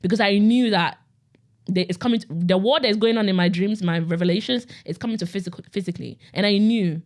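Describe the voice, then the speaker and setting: Young woman, podcast host, quick casual storytelling delivery, mid-pitched, conversational. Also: a little mellow. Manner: rapid, conversational, with frequent "like" and repetition. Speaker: podcast host sharing her testimony.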